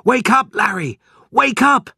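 A man reading a storybook, voicing a gentle, anxious mother with a high, pleading voice. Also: expressive, a little slow, no room sound, clean studio sound. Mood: alarmed. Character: fussing gentle mother of the family.

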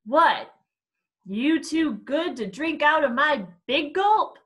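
A woman's voice: sits high, lively intonation, slow, pitched above the performer's own voice. Woman doing a jeering teen bully. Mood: mocking. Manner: mocking, jeering. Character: taunting teenage boy bully.

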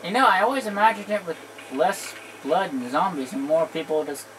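A man's voice: a little high, fairly quick. A man playing a co-op zombie game, making dry, wry remarks to his partner. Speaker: co-op gaming partner. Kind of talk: casual let's-play banter. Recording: noisy background.

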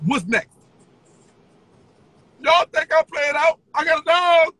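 A man ranting on a livestream in a taunting, profane way, with sing-song chants and bursts of shouting. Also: very high voice, animated, slow, low-quality recording. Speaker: social media personality.

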